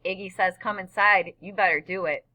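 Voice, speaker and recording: A woman's voice: medium pitch, steady tone, normal speed, sharp tone, rough recording. A woman doing a nervous chain-smoking woman. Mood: chattering. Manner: rambling, eager chatter.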